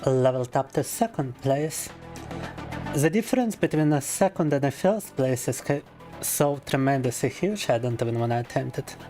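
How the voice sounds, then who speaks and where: A worn-out male streamer who is ill, talking in a mid-range voice in a sardonic, crude way. Music plays clearly behind him. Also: mid-range voice, expressive, moderate pace, warm tone. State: ill and tired. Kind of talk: casual livestream chat.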